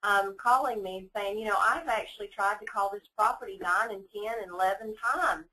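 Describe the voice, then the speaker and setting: Woman, webinar guest, emphatic, bright tense voice, heard from off-mic. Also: mid-range voice, a little fast, distant mic, a little hiss or hum, low-quality recording. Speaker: guest speaker, mystery shopper. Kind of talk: webinar discussion.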